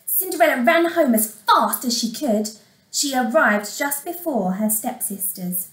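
A woman teacher reads a fairy tale aloud to little children, slow and expressive, with a high, animated voice. She sometimes asks her listeners questions. The recording sounds roomy and echoey. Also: distant mic. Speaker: primary school teacher. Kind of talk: reading a storybook aloud to young children.

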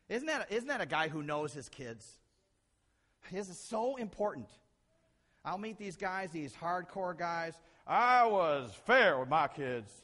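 Lively, animated male pastor preaching. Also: a little high, breathy edge. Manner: animated, acts out quotes and shifts loud to soft. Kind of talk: sermon.

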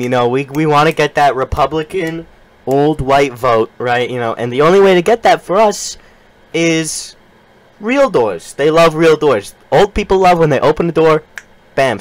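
A male streamer improvising a mock sales pitch, riffing quickly and laughing through it. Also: no echo.

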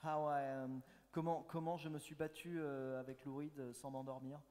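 A man, a guest on a live show, chiming in with brief, soft-spoken remarks. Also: on the high side, flat delivery, fairly quick, big-room sound. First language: French. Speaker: guest musician.

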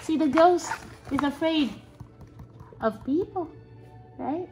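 A woman reading a bedtime picture book aloud to her child, gently explaining and coaxing. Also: high-pitched, slow, faint music behind.

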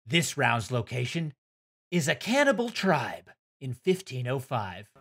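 A teasing podcast co-host with a bright, animated voice. He talks at an unhurried pace, jokes with the group, and laughs often. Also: medium pitch, breathy edge. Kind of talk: casual chat during a party game.

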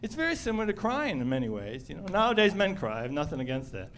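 Animated middle-aged male stand-up comic. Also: fairly high pitch, fast. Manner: animated, acts out characters. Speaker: comedian. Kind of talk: stand-up comedy. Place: comedy club stage.

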